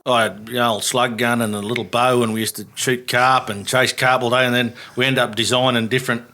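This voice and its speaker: A man's voice: mid-range voice, little pitch movement, a little fast, pushed and bright. An Australian man telling fishing stories as a podcast guest, laughing and swearing as he talks. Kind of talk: casual chat, fishing yarns.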